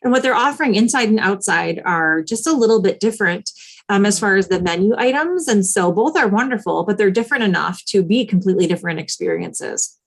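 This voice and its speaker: A woman's voice: medium pitch, lively intonation, fairly quick. A chatty woman from the United States co-hosting a casual chat show. She talks freely, stopping for ums and laughing often. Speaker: podcast co-host, travel planner.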